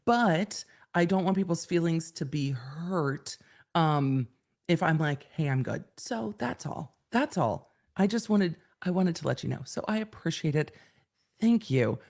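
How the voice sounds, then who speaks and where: A woman in her forties with a low voice talks to her viewers in a loose, rambling way. She laughs easily and hosts a casual livestream from a home studio. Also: expressive, darkish tone. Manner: chatty, rambling, quick to laugh. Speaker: livestream host.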